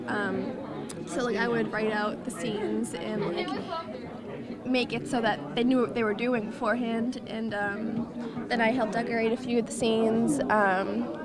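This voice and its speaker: A cheerful late-teen woman with a fairly high voice answers questions about producing a student film, full of ums and likes. A noisy outdoor crowd chatters around her. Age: late teens. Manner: cheerful, filler-heavy. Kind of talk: casual event interview. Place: outdoor red carpet premiere.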